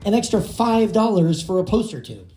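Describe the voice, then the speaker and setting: A man's voice: sits high, very animated, moderate pace, dark tone, soft background music. A man co-hosting a fantasy baseball podcast in casual chat, talkative and mildly exasperated as he tells stories. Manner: chatty, mildly exasperated storyteller. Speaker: podcast co-host.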